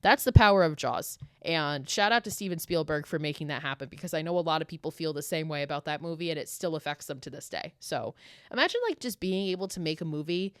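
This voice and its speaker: A woman in her late twenties from the US East Coast hosting a solo podcast, telling stories in an emphatic, profane, animated way. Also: low voice, quick pace, clean tone, no echo, clean studio sound. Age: late 20s. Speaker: podcast host. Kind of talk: casual solo podcast monologue.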